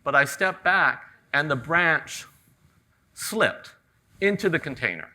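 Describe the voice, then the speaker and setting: Chill middle-aged guy from california doing a flower demo, super bright tense voice, laid-back jokey storytelling. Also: on the high side, slow pace. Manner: relaxed, joking storyteller. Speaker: ikebana demonstrator. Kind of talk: live floral demonstration talk. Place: garden event venue with audience.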